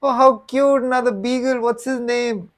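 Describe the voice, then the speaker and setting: A sweet lady dog owner coos over a pet in a high, sing-song falsetto, gushing and delighted, as a man puts her on in a live chat. Her voice sits well above ordinary talk and swoops with fond surprise. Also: steady tone, normal speed, natural voice. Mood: cooing.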